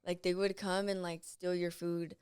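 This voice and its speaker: A woman's voice: on the low side, level tone, normal speed, darkish tone, clean tone, dry recording, clean studio sound. A woman guest on a podcast telling a story in casual chat, rambling and filling her speech with "like". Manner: rambling, heavy use of "like".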